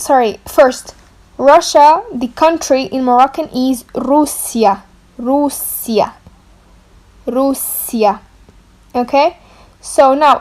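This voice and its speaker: A woman gives a beginner language lesson at an unhurried pace. Her voice sits a little high, and she repeats each new word slowly and clearly so learners can copy it. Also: darkish tone. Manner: slow, careful, repeats words for learners to copy; writes on a board while explaining. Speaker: language teacher.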